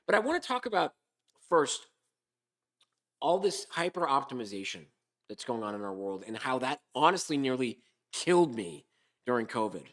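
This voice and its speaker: A man hosting a comedic podcast monologue, hoarse from a sore throat, with a sarcastic, rambling delivery. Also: mid-range voice, sing-song, normal speed, pauses often, a bit bright. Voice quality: hoarse, smoker-like. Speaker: podcast host.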